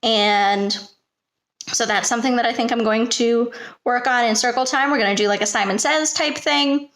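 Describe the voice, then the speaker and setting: A woman's voice: on the high side, moderate pace, fairly bright tone. A young woman, a preschool teacher, talking casually to camera from her apartment, chatty and hesitant and full of fillers. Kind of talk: casual vlog chat.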